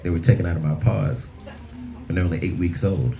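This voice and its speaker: A man voicing a male dog who talks in a calm, earnest way during a stand-up set. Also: sits low, brisk, creaky, slight background noise. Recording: echoey club with loud crowd laughter. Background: audience laughing.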